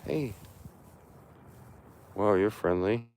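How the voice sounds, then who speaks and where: A man's voice: on the low side, extremely slow, darkish tone. A man vlogging outdoors on a neighborhood street at dusk, chatty and rambling, cooing at the cats he passes. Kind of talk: casual walking vlog.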